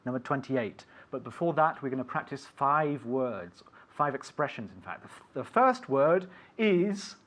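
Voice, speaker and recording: A man teaching an English lesson on the radio, saying words slowly and clearly and having his student repeat them. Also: medium pitch, very animated, fairly bright tone. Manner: slow, clear teacher drilling words for repetition.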